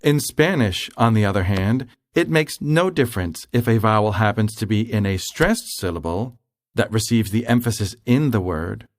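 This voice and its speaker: A man narrating a scripted grammar lesson in a slow, careful, explanatory way. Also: on the low side, dry recording, clean studio sound. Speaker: language tutor.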